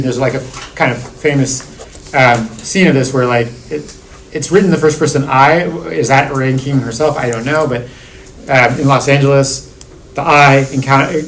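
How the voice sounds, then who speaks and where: A man's voice: mid-range voice, a little hiss or hum, rough recording. Discursive male lecturer in a seminar. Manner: discursive, many restarts and "like" fillers. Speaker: university lecturer. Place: classroom.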